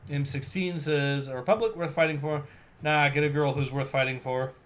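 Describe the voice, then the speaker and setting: A young man hosts a casual livestream, reading viewer comments in a loose, unhurried way. His voice sits a little high, and fillers like "uh" come easily. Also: fairly bright tone. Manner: laid-back, reads viewer comments aloud with fillers and laughs. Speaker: livestream host.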